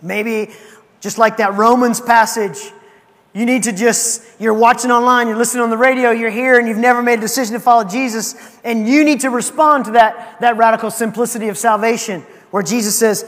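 High-voiced pastor guy preaching, acts out the bible story, loud then hushed, big echoey church. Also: fairly even intonation, a little fast. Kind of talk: sermon. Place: church sanctuary. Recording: long hall reverb.

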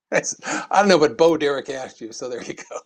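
A man, a former congressman, telling stories in an interview with an animated, anecdotal manner and frequent restarts. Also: fairly high pitch, brisk. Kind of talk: interview storytelling.

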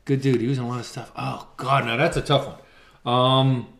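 A man's voice: medium pitch, flat delivery, brisk, creaky, a bit bright, roomy sound. A man in his fifties co-hosting a casual chat, boisterous and jokey with crude humor. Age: 50s. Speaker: podcast co-host.

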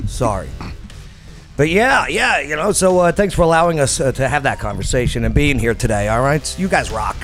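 A man hosting a casual talk show, jokey and rambling, often restarting his sentences. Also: on the high side.

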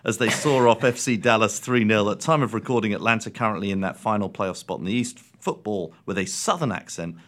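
A man co-hosting a sports chat, reading match listings and ad copy in a brisk, dry manner. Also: on the low side, fairly bright tone. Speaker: podcast co-host.

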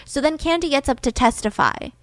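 A woman's voice: high voice, expressive, brisk, no room sound. Chatty woman telling a true-crime story. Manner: chatty, with fillers like "like" and "you know". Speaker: podcast host.

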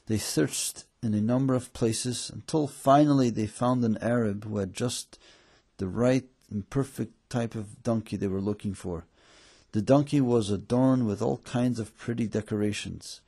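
A man narrating a story in storybook style, raising his voice for the characters' lines. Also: moderate pace. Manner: voices characters with lifted excited pitch.

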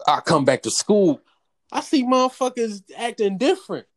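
A young man in casual chat telling a story in an animated, profane way. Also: moderate pace. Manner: animated, profane storytelling with raised-pitch quotes.

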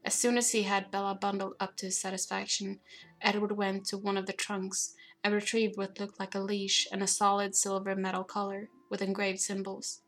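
A woman narrating a novel aloud in a steady, even way. Her pitch barely moves and stays level from line to line. Quiet music plays faintly behind her reading. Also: normal speed. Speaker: audiobook narrator. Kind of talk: storybook narration.

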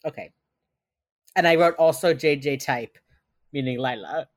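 In a low voice at a measured pace, a woman co-hosting a relaxed podcast retells a TV episode, animatedly playing out the characters' dialogue. The sound is studio quality with no echo.

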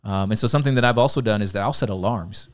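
A man's voice: on the low side, fast talker, clean tone. A middle-aged man, a pastor co-hosting a podcast, talking in an earnest, rambling way and acting out bits of dialogue. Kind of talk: casual conversational podcast.

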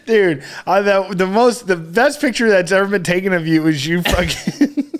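A young man with a fairly high voice keeps laughing through casual banter. His talk rambles, full of loose asides and swearing. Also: normal speed. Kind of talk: casual profane chat.

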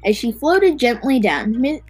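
A young narrator reading a storybook aloud, halting with restarts and little asides, and hosting a podcast. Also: medium pitch, sing-song, darkish tone, husky, soft background music, rough recording.

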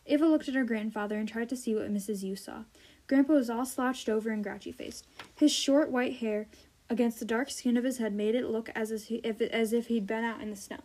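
A woman talks through a book review and reads a passage aloud. Her voice sits on the high side with a mellow, soft tone. She sounds earnest and sometimes pauses and restarts when speaking freely. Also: low-quality recording.

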